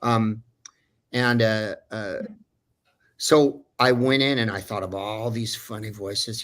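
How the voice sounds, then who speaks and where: A man's voice: fairly low pitch, fairly even intonation, takes it slowly, a bit bright. A man who is a voice actor telling a story in a casual way, rambling and digressing with many fillers. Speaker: voice actor guest.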